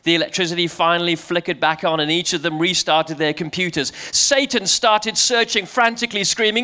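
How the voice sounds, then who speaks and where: A playful man leading a family church talk, joking and urging the crowd to join in. His voice is high and bright. He talks to the congregation in a lively, coaxing way. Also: fairly quick, hardly any pauses. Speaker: preacher.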